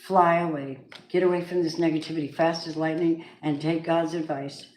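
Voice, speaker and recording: A woman's voice: low voice, steady tone, normal speed, darkish tone, roomy sound, slight background noise, rough recording. A woman giving a live tarot reading in a chatty, emphatic way, at times breaking into preacher-like bursts. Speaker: tarot reader.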